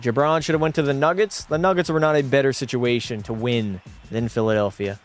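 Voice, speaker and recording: A young man streaming a hockey video game, chatting with his viewers and breaking into profane, shouted rants. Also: mid-range voice, fairly quick, faint music behind. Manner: profane, talks to chat, erupts into shouting rants. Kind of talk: casual gaming livestream commentary.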